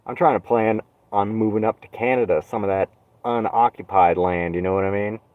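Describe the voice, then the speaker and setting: A man's voice: on the low side, steady tone, fairly quick, no room sound. Sarcastic man rambling on a tinny stream. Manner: sarcastic, rambling, swearing, dark jokes. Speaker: live streamer. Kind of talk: rambling solo live stream. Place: inside a van. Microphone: phone.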